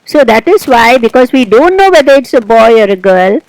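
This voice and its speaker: A woman teaching an English grammar lesson, explaining slowly and deliberately and putting questions to the learner. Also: fairly high pitch, big pitch swings, darkish tone, no echo, low-quality recording.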